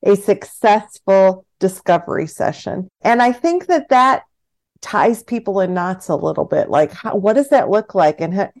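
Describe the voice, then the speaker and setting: A woman's voice: medium pitch, lively intonation, measured pace, darkish tone. A woman hosting a podcast interview, thinking aloud and searching for her words. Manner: thoughtful, searching for words with restarts. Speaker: podcast host.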